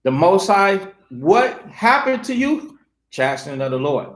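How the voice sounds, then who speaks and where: A man's voice: sits high, big pitch swings, a little slow. A man preaching from scripture with emphasis, asking rhetorical questions and repeating phrases. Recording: roomy echo.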